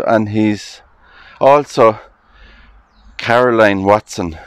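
Man, Irish accent, mid pitch, dry close sound, reads gravestones aloud, casual musing. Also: clean tone, no room sound. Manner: reads headstone inscriptions aloud slowly, musing. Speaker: cemetery vlogger. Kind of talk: casual walking commentary. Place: outdoor graveyard.

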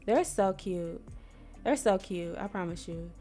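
A young woman from Missouri, chatting casually to viewers while she plays a life-sim game, squealing when something excites her. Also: medium pitch, measured pace. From Missouri, USA. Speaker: gaming streamer. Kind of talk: casual gameplay commentary. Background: soft R&B background music.

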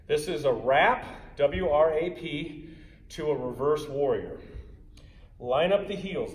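A man leading a guided yoga class as instructor, giving calm cues with playful, joking asides. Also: mid-range voice. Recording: echoey room with faint ambience.

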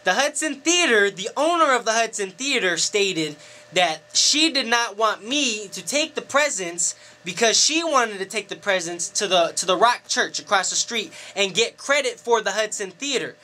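A man with a high voice tells a personal story straight to camera. He is loose, slangy and animated, and he swears freely as he goes. His voice has a bright, forceful edge. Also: moderate pace. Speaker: DJ and club promoter. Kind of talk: casual storytelling monologue to camera.

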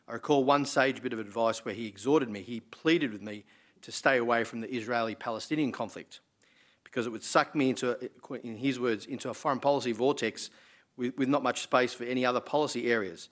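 A middle-aged Australian man with an Australian accent delivering a formal memorial address in a measured, earnest way, with the occasional filler. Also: mid-range voice, fairly bright tone. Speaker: member of parliament giving a memorial speech.

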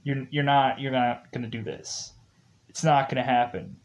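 A man's voice: mid-range voice, steady tone, normal speed, highs cut off, lightly acted. A man voicing a grumpy alien male commander, exaggerated, whiny and petulant. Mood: defiant.

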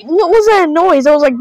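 A woman's voice: sits high, rough recording. A woman doing casual reaction commentary on videos, sarcastic and full of mock panic.

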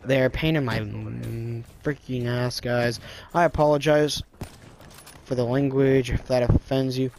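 Swearing, excitable young male gamer. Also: medium pitch, a little slow, creaky, a little hiss or hum. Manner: frustrated, swearing, excitable outbursts. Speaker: gaming video creator. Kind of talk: live gameplay commentary.

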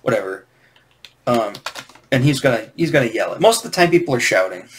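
A man's voice: medium pitch, expressive, fairly quick, pauses often, a little hiss or hum. A man teaching comic scripting in a loose, rambling way, with many restarts and hesitations. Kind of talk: casual instructional talk.

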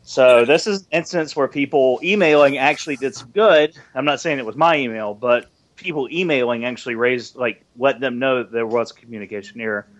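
A man's voice: medium pitch, brisk, hardly any pauses. A man co-hosting a podcast in casual chat, rambling and swearing with many restarts. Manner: rambling, profane, full of restarts. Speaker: podcast co-host. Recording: dull lo-fi audio.

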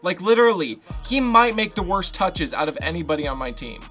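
A man's voice: high voice, very animated, brisk, bright, forceful tone, faint music behind. A young man giving frustrated live commentary while playing a football video game, ranting and swearing at the game. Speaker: gaming YouTuber.

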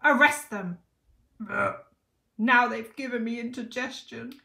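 A woman voicing a greedy fat male king who shouts and blusters, in a storybook reading. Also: fairly high pitch, wildly swooping pitch, normal speed. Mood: blustering. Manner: shouting, bellowing. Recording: echoey room.

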